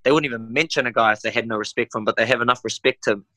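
A young man with a New Zealand accent, a fighter talking in a casual podcast interview, animated and slangy. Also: medium pitch, rapid-fire, no echo. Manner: animated, slangy, says "bro" and "eh". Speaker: MMA fighter guest.

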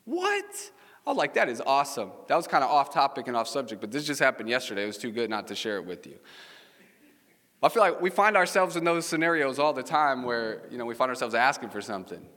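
A man's voice: mid-range voice, lively intonation, fast talker, fairly bright tone. A man preaching a casual, chatty sermon, telling stories and asking the congregation questions. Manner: storytelling, chatty, asks the audience questions. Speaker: pastor. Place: church sanctuary with congregation. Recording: long reverb of a large hall.

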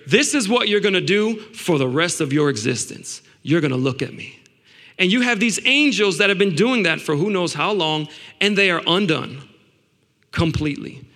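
A high, bright-voiced man preaching a sermon with excitable energy. He trips over and repeats words and swings between loud bursts and hushed asides. His voice carries a long hall reverb.

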